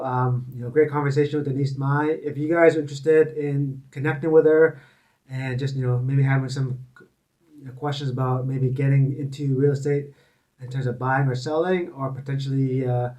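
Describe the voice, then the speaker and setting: A man hosting a casual interview, talking in a relaxed way with lots of fillers. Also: mid-range voice, dry recording. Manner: relaxed, filler-heavy talk. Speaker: host.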